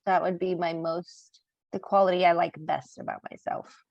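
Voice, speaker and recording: A woman co-hosting a podcast, speaking in an unhurried way and laughing often. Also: on the low side, fairly even intonation, vocal fry, darkish tone, no room sound, highs cut off. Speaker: podcast co-host. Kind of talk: casual chat.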